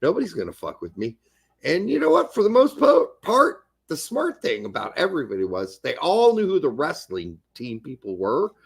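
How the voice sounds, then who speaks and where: A middle-aged man and podcast co-host, telling a story in profane, animated casual chat. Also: a little high, moderate pace, vocal fry, hardly any pauses, husky.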